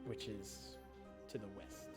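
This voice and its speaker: A man narrating a tabletop game as game master, slow and hesitant, with many fillers. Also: over loud music.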